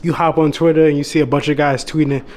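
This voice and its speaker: A man's voice: a little high, little pitch movement, quick pace, darkish tone. Earnest young man giving motivational talk. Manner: casual, swears often, calls the listener bro; earnest, gets emotional. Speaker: dating and self-improvement YouTuber. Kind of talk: motivational monologue to camera.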